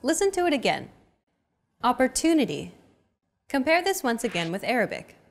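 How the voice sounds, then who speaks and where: A woman's voice: high-pitched, huge pitch swings, quick pace. A young adult woman hosting a language lesson, with a scripted, upbeat coaching delivery.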